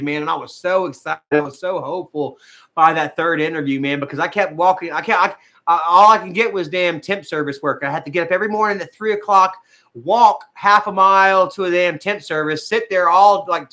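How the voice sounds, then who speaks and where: Bright-voiced, rambling, profane man. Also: high-pitched, a little fast. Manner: rambling, profane, says man and bro a lot. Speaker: vlogger reading live chat. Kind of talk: casual chat.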